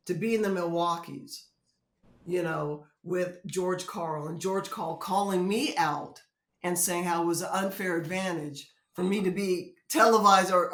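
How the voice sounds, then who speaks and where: A woman guest in a casual interview, telling stories in an animated way, often laughing. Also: on the low side, echoey room. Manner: animated storyteller who laughs often and does voices. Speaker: guest, former basketball player and commentator.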